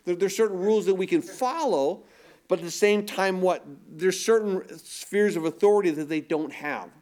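Guy preaching, kinda high voice, keeps asking the church questions, emphatic. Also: normal speed, a little mellow. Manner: emphatic, asks the congregation rhetorical questions. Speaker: pastor. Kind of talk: sermon.

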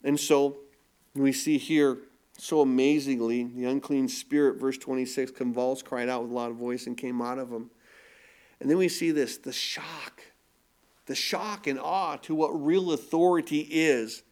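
A man's voice: mid-range voice, fairly even intonation, a little slow, darkish tone. A man preaching a sermon as pastor, emphatic and asking the congregation rhetorical questions.

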